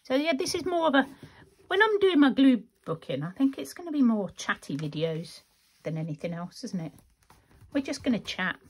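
A woman's voice: high-pitched, very animated, normal speed, darkish tone, husky. A woman chatting casually through a craft tutorial, rambling and laughing often as she works. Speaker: craft vlogger.

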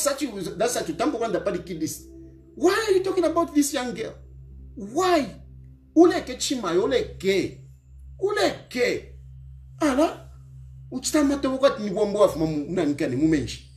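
With a very high, very animated, slightly mellow voice at a moderate pace, a middle-aged man from Zambia lectures an opponent in a scolding monologue. This opposition politician has a Zambian accent, repeats phrases, and slips local words into his English, and the recording has roomy echo and faint music.

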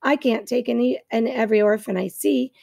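A bossy old gray goose who scolds in a brisk, no-nonsense way, as a woman reads her part. Her voice is fairly high with a gravelly fry. It is recorded close and dry. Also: mellow, dry recording. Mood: scolding.

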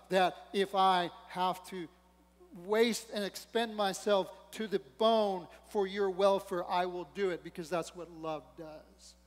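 A male pastor preaching a sermon with rising emphasis and playful humor, acting out the voices in the story. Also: high voice. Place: church sanctuary. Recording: long church-hall reverb.

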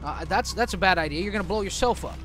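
A man's voice: high voice, fast, fairly bright tone, soft background music. A man commenting on his own gameplay in a chatty, joking way, laughing often. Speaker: let's play host.

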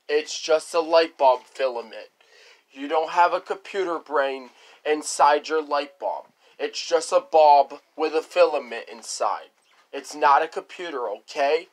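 A man's voice: a little high, fairly bright tone. A man in an improvised cartoon monologue, scolding over and over in a repetitive, lecturing way.

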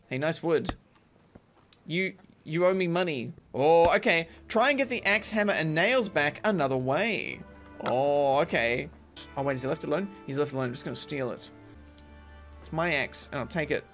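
Gaming host, young man, high-pitched and animated, joking commentary over soft game music. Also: fairly quick. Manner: excitable, joking, talks to the game. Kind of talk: let's play commentary.

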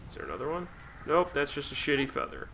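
A man's voice: on the high side, sing-song, fast talker, gravelly, bright, forceful tone, a little hiss or hum. A man streaming a video game, talking casually, with sarcastic, profane grumbling at the game. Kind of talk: casual let's-play commentary.

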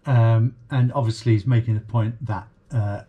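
A man's voice: medium pitch, steady tone, moderate pace, breathy edge, muffled recording. A man from Essex casually reviewing a comedy clip, rambling with many fillers and chuckles. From Essex, England. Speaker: reaction video host.

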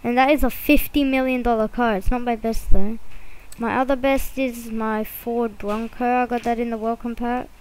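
A woman's voice: a little high, level tone, normal speed, darkish tone, clear, resonant tone, rough recording. A woman giving casual, rambling commentary while she plays a driving game, with many fillers and restarts. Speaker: gameplay video creator.

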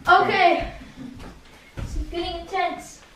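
A woman chatting casually for a vlog, full of quick exclamations as she plays. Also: very high-pitched, steady tone, a loud crowd. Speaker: vlog co-player. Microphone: own camera at a distance. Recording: echoey room, far from the mic, loud background noise.

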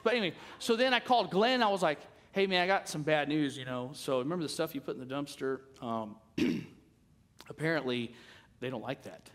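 A male senior pastor preaching a sermon in a casual, animated way, acting out conversations as he tells a story. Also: a little high, fairly quick.

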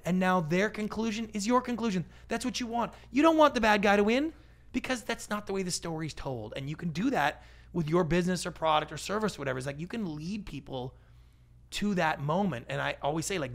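Gravelly guy on a podcast, acts out little scenes as he talks, a bit high voiced. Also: brisk. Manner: lively storyteller who acts out quoted voices. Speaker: guest, pitch expert and TV producer. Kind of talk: animated podcast interview.

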